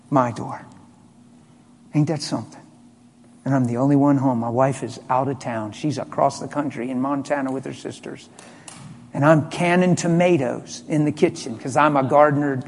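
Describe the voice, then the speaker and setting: A middle-aged man preaching a sermon as a pastor, telling a story with emphatic swings from loud to hushed. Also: mid-range voice, moderate pace, creaky, a little hiss or hum. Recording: long hall reverb.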